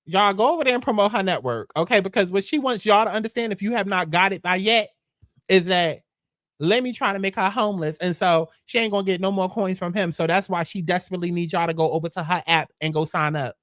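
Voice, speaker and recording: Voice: medium pitch, quick pace, fairly bright tone, no echo. Sassy host ranting about celebrity drama, profane and mocking, dry mic. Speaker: host of a gossip commentary show. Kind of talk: casual gossip commentary.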